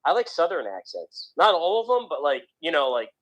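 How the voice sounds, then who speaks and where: A man's voice: on the high side, very animated, brisk, a bit bright, rough recording. A man from the US East Coast with a slight Philadelphia accent, co-hosting a casual podcast chat with frequent restarts. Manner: rambling, restarts often, opinionated. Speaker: podcast co-host.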